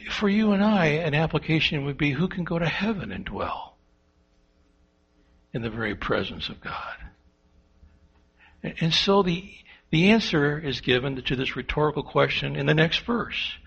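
A man preaching a sermon, swinging between loud and hushed and asking the congregation rhetorical questions. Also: a little high, animated, moderate pace, vocal fry, long pauses, slightly rough. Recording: dull lo-fi sound.

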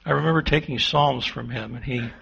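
A man preaching a sermon, swinging between loud and hushed and asking the congregation rhetorical questions. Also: medium pitch, steady tone, brisk, vocal fry. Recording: dull lo-fi sound.

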